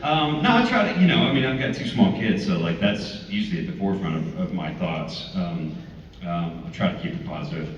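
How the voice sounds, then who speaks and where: A man's voice: sits low, animated, a little fast, lo-fi sound, slight background noise. A man from Texas chatting casually on a convention panel, laughing often and hesitating between words. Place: large convention hall. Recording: echoey hall from far off.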